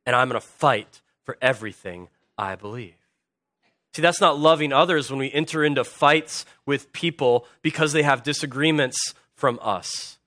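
Bright animated preacher man, dry sound. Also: medium pitch, moderate pace, no room sound. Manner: animated, swings from hushed to loud emphatic bursts. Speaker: pastor. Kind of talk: sermon.

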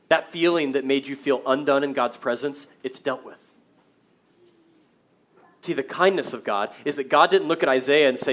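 A man in his thirties, a pastor preaching a sermon, earnest, moving between loud emphasis and quiet, reflective passages. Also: mid-range voice, moderate pace.

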